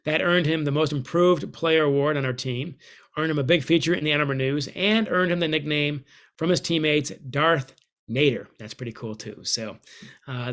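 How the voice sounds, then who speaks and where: A middle-aged American man, an author and former hockey coach, telling a lively story from home over a video call. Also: a little high. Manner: lively, animated storytelling with sudden loud bursts. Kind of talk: storytelling book talk.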